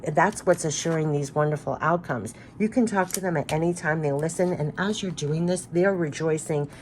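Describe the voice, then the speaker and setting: A woman's voice: low-pitched, moderate pace, darkish tone, slight background noise. A woman giving a spiritual tarot card reading, talking in an earnest, emotional, rambling way with many restarts.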